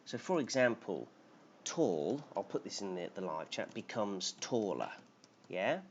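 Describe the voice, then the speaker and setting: A man's voice: on the low side, very animated, a little slow. A man teaching English grammar on a live stream, explaining patiently and reading out names from the chat. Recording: dull lo-fi stream audio with faint noise.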